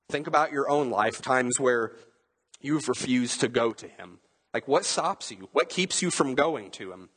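A man's voice: medium pitch, a bit bright, slightly rough. A man preaching a sermon in a conversational way, asking the listeners questions and acting out quotes. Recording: long hall reverb.

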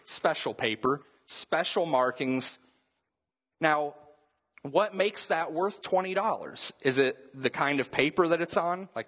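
A man's voice: a little high, a bit bright, husky. A young adult man, a pastor, preaching a sermon in a casual, conversational way with joking asides.

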